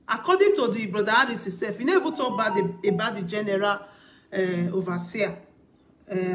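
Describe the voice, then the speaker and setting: A woman vlogger with a Nigerian Pidgin accent, giving casual commentary on a video in an emphatic, repetitive way with rhetorical questions. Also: on the high side.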